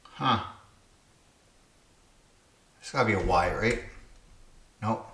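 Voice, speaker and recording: A man with a low voice thinks aloud at a slow, unhurried pace while solving puzzles. His muttered commentary sounds like it comes from an echoey room. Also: sharp tone. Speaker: puzzle game channel host.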